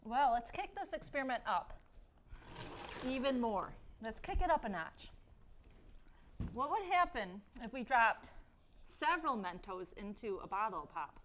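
A woman's voice: fairly high pitch, sing-song, unhurried, pauses often, slight background noise. A woman hosting a science show, guiding a young assistant through a hands-on demonstration with lots of questions and frequent laughter. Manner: playful questioning teacher who laughs often.

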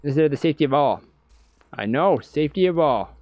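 Excitable jokey male gamer narrating play, very lively pitch. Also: a little fast, no room sound, lo-fi sound. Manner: excitable, jokey, talks to himself. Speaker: game streamer. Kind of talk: let's play commentary.

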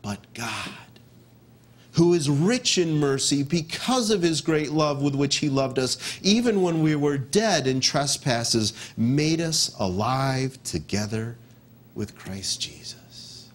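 A man preaching a verse-by-verse sermon as pastor, repeating key phrases with emphasis and dropping to a hush to stress a point. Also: mid-range voice, lively intonation, slow pace. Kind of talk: expository sermon.

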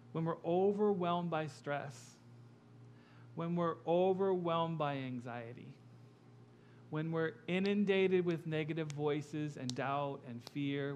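Slow, emphatic male pastor preaching. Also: fairly high pitch, a little hiss or hum. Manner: impassioned, building to loud emphatic peaks then dropping quiet. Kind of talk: sermon.

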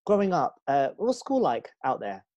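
A man's voice: a little high, sing-song, normal speed, darkish tone, no echo, dull audio. A man hosting a podcast interview, asking follow-up questions and affirming his guest. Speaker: podcast host. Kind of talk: casual interview.

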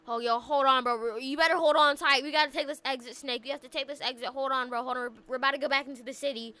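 A woman hosting a gaming channel, chatting casually and excitably through a roleplay, stammering and slangy when alarmed. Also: high-pitched, quick pace, hardly any pauses, no echo. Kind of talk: casual roleplay commentary over gameplay.

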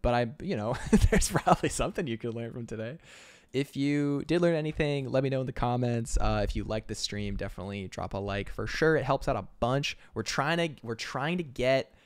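A man's voice: medium pitch, expressive, a little fast, smooth, dry recording. A man chatting casually on an art livestream, upbeat and chatty, laughing often. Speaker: concept artist streamer.

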